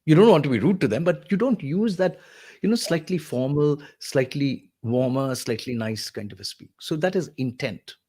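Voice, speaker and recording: A man's voice: a little high, animated, moderate pace, mellow, breathy edge. A man, a voice artist, explaining voice technique in an interview and acting out example lines like a teacher. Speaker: voice artist guest.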